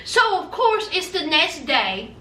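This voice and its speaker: A woman's voice: very high voice, sing-song, slow pace, bright, forceful tone. A woman giving a sassy, gossipy recap of a reality show, acting out the cast's lines. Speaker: recap vlogger. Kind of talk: casual TV recap commentary. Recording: echoey room, mic at a distance.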